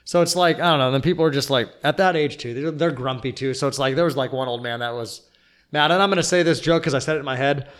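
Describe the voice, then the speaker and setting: Fast-rambling young man venting. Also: mid-range voice. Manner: rambling, venting with lots of fillers. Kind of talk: casual chat.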